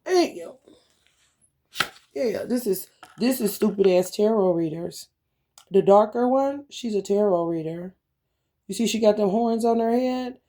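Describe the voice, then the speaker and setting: A woman's voice: mid-range voice, measured pace, long pauses, dark tone. A woman giving a casual spiritual tarot reading, blunt and profane, talking emphatically and often laughing. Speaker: tarot reader.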